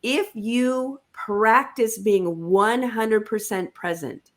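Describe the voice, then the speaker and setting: An emphatic woman speaks in a relaxed interview, coaching her listeners on leadership. Her delivery is punchy and direct. She breaks into lively asides to drive her points home. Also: on the high side, takes it slowly. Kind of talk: conversational interview about leadership.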